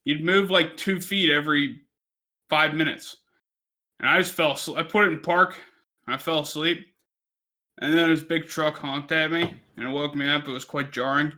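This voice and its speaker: A man's voice: on the high side, steady tone, moderate pace, sharp tone. A man co-hosting a podcast, telling a rambling story in casual chat, swearing constantly. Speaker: podcast co-host.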